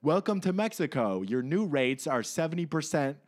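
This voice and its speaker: A man co-hosting a casual podcast, trading quick jokes and wisecracks. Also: on the high side, sing-song, a little mellow. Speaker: podcast co-host. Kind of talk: casual banter.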